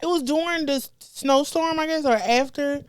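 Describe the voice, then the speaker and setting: A woman, telling wild stories as a comedian guest, animated and profane, acting out the people she quotes. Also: high-pitched, normal speed. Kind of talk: casual storytelling chat.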